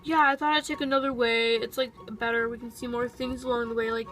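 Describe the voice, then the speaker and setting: A woman's voice: a little high, level tone, fast talker, a bit bright, faint music behind, close to an everyday voice, poor audio. A woman playing a lonely, awkward male driver in a toy storytime, talking hesitantly and apologetically. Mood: meek.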